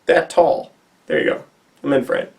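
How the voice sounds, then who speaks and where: A man giving a casual, animated movie review to camera with quick asides, recorded indoors against a white backdrop. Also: mid-range voice, far from the mic.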